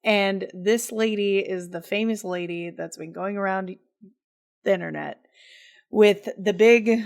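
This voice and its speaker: A woman's voice: medium pitch, fairly even intonation, measured pace, vocal fry. A woman co-hosting a podcast, loosely recapping a story in casual chat, giggling often and leaning on fillers. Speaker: podcast co-host.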